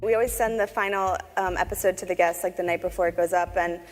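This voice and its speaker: A woman's voice: on the low side, fairly even intonation, fast talker, long reverb tail, soft background music. A woman who produces a podcast, chatting playfully on a conference panel. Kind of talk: panel conversation.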